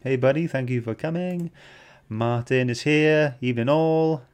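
A man's voice: mid-range voice, moderate pace, darkish tone, smooth. Chatty male podcast host. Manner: chatty, reads out viewer comments. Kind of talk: casual podcast chat.

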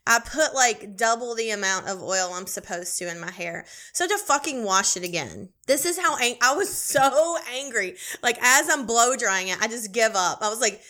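A woman co-hosting a podcast, chatting casually and telling an animated, swearing, laughing story. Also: fairly high pitch, moderate pace, few pauses. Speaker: podcast co-host. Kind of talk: casual chat.

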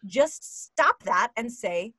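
Animated woman telling everyday stories. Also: a little high, takes it slowly, slightly rough, dry recording. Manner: animated storyteller, acts out quotes. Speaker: podcast co-host, mother of three. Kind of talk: casual chat.

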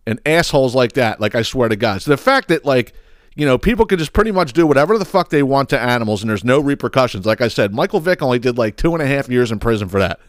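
A man's voice: mid-range voice, very animated, fast talker, dry recording, clean studio sound. A man hosting a podcast, ranting heatedly with plenty of profanity. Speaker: podcast host.

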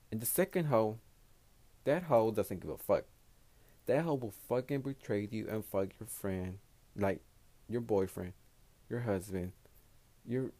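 A man's voice: lowish voice, mellow. A man hosting his own podcast in a casual solo monologue, a native Spanish speaker talking in English, giving blunt, profane, rambling advice. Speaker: podcast host.

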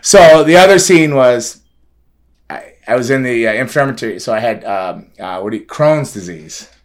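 A man's voice: mid-range voice, expressive, moderate pace. Rambling man telling a story. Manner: rambling, repeats words, laughs often. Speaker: guest telling a film extra story. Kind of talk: casual storytelling.

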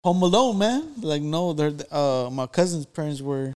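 A man's voice: on the high side, big pitch swings, normal speed, darkish tone. A young man telling a rambling story to friends, hesitant and full of fillers. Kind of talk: casual storytelling, mixing Spanish.

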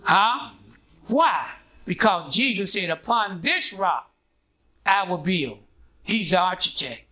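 A pastor preaches a call-and-response sermon, prodding his congregation with "what?" and "huh?" and waiting for their answers. His voice sits high and sounds expressive and sharp, and he speaks slowly with long pauses.

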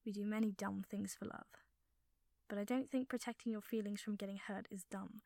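A woman voicing a curious, teasing young man who speaks gently. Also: high-pitched, fairly even intonation, a little fast, creaky, no echo, clean studio sound. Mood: soft. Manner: teasing, then soft and gentle.

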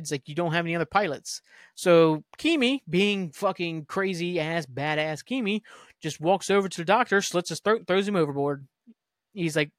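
A man rambles through a TV episode recap on his podcast, swearing freely and acting out quoted lines. His voice sits a bit high for a man. The recording is dry, with no room sound. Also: normal speed, dry recording. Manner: rambling, profane, animated retelling with quoted lines. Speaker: podcast host. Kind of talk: casual solo rewatch recap.

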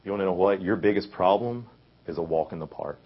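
A young youth speaker with a deep, slightly rough voice delivers a sermon fairly quickly. His style is casual and conversational, full of fillers and restarts. The recording is dull and lo-fi.

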